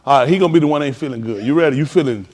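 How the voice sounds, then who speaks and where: A man's voice: medium pitch, rapid-fire, darkish tone. A man coaching a group class, joking and laughing as he runs practice drills. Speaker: class instructor.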